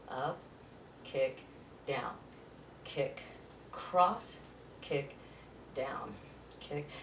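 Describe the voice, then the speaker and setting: A woman leading a chair yoga class, counting out moves and giving encouraging cues while a little out of breath. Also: deep voice. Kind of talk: exercise class instruction. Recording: roomy echo, distant mic, faint noise.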